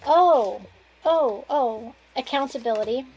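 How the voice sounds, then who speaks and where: A woman's voice: high-pitched, takes it slowly, background noise. A woman giving a casual tarot reading, rambling and restarting her sentences with frequent chuckles. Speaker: tarot card reader.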